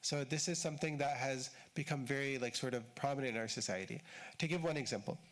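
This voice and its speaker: A man's voice: medium pitch, quick pace. A man giving a conversational religious lecture at a mosque, explaining in short repeated phrases with casual fillers. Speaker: shaykh giving a mosque talk.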